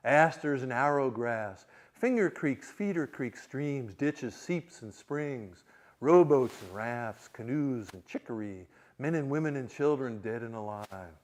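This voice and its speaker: Ancient talking river from a novel, read out by a guy, slow rolling lists, pretty lively pitch. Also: natural voice. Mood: musing. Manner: slow, list-like reading aloud.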